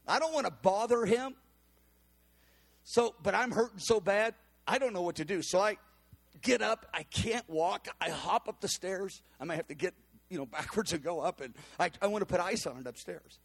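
A man telling a personal testimony in an animated storytelling manner, acting out the quotes with cries and laughs. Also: high voice, husky.

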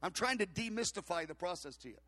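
A man's voice: high voice, fast talker, dry recording. A man preaching a sermon, telling a story and acting out the voices of the people in it. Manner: storytelling, acts out dialogue, animated. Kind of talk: sermon with anecdote.

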